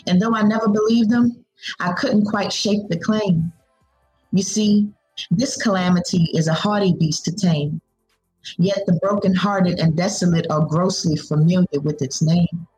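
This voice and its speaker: Husky-voiced woman reciting poetry. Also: fairly low pitch, steady tone, a little slow, a little mellow, soft background music, rough recording. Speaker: poet guest. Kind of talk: spoken word poetry reading.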